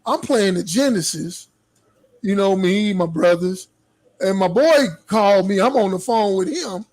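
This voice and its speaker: A man's voice: high voice, expressive, measured pace, darkish tone, poor audio. A man co-hosting a podcast, telling a story from his youth in a laid-back, slangy way. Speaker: podcast co-host.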